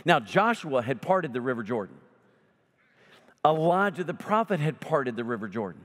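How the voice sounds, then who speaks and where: A male pastor delivering a sermon, swinging between loud emphatic lines and slow hushed ones, with folksy humorous asides. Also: medium pitch, sing-song. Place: church sanctuary. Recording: long hall reverb.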